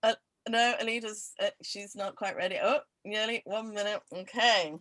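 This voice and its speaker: A woman hosting an online quiz over a video call, laughing often and reading each question twice, slowly. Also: mid-range voice, fairly even intonation, a bit bright, no room sound, rough recording. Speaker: event host running a quiz. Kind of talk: casual online event chat.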